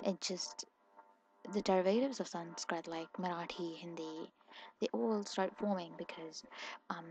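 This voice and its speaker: A sleepy woman from India with a mixed Indian, British and American accent, chatting softly in a rambling, quick, self-correcting way for a soft-spoken ASMR video. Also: lowish voice. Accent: mixed Indian, British and American English. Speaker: ASMR creator.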